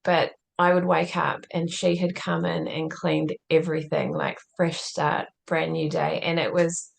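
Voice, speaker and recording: Woman guest on a podcast, lots of fry in her voice, earnest reflective storytelling, says like a lot. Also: deep voice, level tone, a little slow, slight background noise. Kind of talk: conversational interview storytelling.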